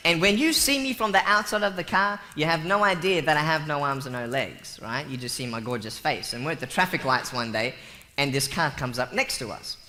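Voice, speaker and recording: A man joking and telling stories to a live audience in a playful, animated way. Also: sits high. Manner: playful, jokey, animated storytelling. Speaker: motivational speaker. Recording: long hall reverb with faint noise.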